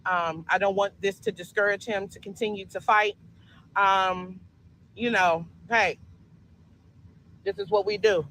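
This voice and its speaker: A man streams live from a city street and his car, his voice pitched very high and bright. He talks in an emphatic, profane, repetitive way, leaning hard on every point. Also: steady tone, measured pace, long pauses, slight background noise, rough recording. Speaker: livestreamer at a protest. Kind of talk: livestream commentary.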